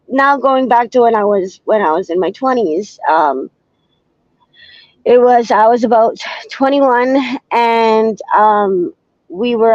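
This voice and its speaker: A woman in her thirties from Canada, a podcast guest recalling her past in a halting way, with many restarts and frequent "right?". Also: fairly high pitch, a little mellow, no echo. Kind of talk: candid conversation. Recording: dull lo-fi sound.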